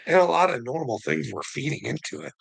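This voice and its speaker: A man's voice: fairly high pitch, expressive, quick pace, vocal fry, a bit bright, breathy edge, poor audio. A man in a casual, rambling monologue, swearing often and laughing between thoughts. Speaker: vlogger.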